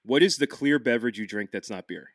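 A man from the Philadelphia area telling stories on a podcast, animated, laughing often and restarting his sentences. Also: mid-range voice, fast talker, dry recording, clean studio sound. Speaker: podcast host. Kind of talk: casual podcast chat.

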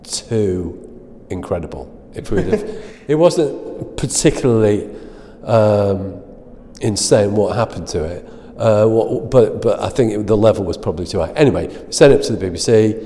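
A middle-aged man with a deep, mellow voice tells a long self-deprecating story in an interview and laughs at himself along the way. His voice carries a long reverb behind it. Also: animated, moderate pace, hardly any pauses. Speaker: guest telling stories. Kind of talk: anecdotal storytelling.

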